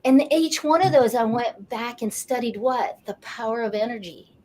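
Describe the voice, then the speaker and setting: A woman in her late fifties, a guest on a talk show, telling her life story in an animated, emotional way. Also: on the high side, normal speed. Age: 50s. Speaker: guest, energy coach. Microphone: studio or video call mic.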